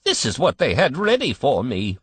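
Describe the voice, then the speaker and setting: A cracked, whiny old man, put on by a male reader, grumbling and complaining from his crib. His quavering voice jumps high above the reader's own, swoops all over, and sounds husky. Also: huge pitch swings, moderate pace, fairly bright tone, no echo, exaggerated voice. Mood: querulous.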